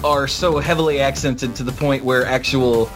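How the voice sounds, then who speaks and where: A man's voice: medium pitch, fairly even intonation, moderate pace. A man from the United States with a mid-range voice makes wry, pointed remarks. He is a panelist in a casual podcast chat, with faint music under him. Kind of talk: casual discussion.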